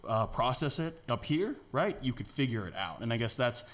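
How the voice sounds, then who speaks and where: A man's voice: mid-range voice, expressive, moderate pace, fairly bright tone. A man in his thirties, a podcast guest in casual chat, easygoing and reflective. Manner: easygoing, reflective, many fillers.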